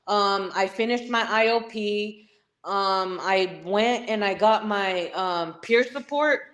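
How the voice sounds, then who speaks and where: A woman's voice: medium pitch, slow pace, fairly bright tone. A woman guest telling her personal story in an interview, earnest and emotional.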